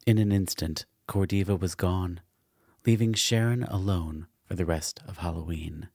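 A man reading a dark fantasy tale aloud with a very deep, gravelly voice. His tone is husky and measured, recorded dry and close with no room sound. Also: no room sound. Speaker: narrator.

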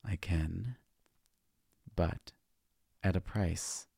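A man's voice: low-pitched, steady tone, vocal fry, dark tone, husky, dry recording, clean studio sound, exaggerated voice. A man playing a hissing, menacing ancient seer. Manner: hissing, slow, ominous. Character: ancient, menacing male seer with obsidian skin.

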